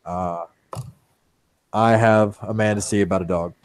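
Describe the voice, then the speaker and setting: A man playing a broke newcomer who makes dry, deadpan jokes in a tabletop game. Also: on the low side, measured pace, clear, resonant tone, no echo, natural voice. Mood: wry.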